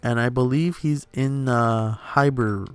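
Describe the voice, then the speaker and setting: Joven youtuber divagando sobre un juego. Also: male voice, medium pitch, a little slow, clear, resonant tone, dry recording, faint music behind. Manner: rambling, lots of fillers and laughs. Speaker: let's play host. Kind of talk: casual gaming commentary. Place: home room.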